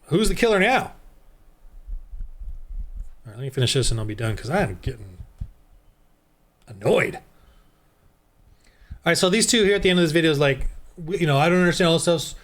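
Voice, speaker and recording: Man from the US, higher-pitched voice, rambling preachy commentary, heated, lots of restarts. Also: sing-song, moderate pace, long pauses, a bit bright. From United States. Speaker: Christian YouTube commentator. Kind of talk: reaction commentary monologue.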